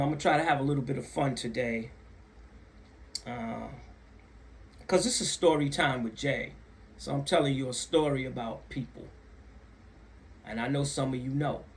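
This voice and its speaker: A man hosting his own channel, telling a story casually to camera, repeating phrases for emphasis and acting out other people's voices. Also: bright, forceful tone. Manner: acts out other people's voices with big pitch jumps.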